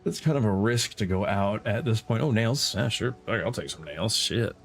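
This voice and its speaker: A man giving casual gameplay commentary in a low, muttering, laid-back way. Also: expressive, moderate pace, faint music behind. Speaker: gamer.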